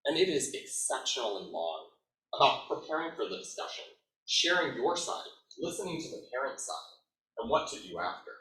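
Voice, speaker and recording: A man in his thirties presenting to an audience in a casual, animated way, his bright voice swinging widely in pitch. He sounds a little away from the microphone in a reverberant room. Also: moderate pace. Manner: conversational, animated, lots of "like". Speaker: educator presenter. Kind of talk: conference presentation. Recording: echoey room, mic at a distance.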